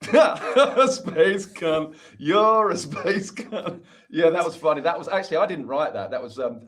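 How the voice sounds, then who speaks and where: A man who is a musician, a guest on a podcast, explaining his views at length in a casual, earnest, rambling way with many restarts. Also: lowish voice. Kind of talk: casual interview chat.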